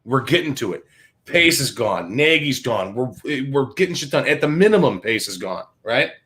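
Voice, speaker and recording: A man's voice: mid-range voice, very animated, normal speed, fairly bright tone. Guy hosting sports talk, fired up, cursing, voice swinging up and down a lot. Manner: fired-up, profane, repetitive restarts. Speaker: sports talk show host. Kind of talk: heated sports radio rant.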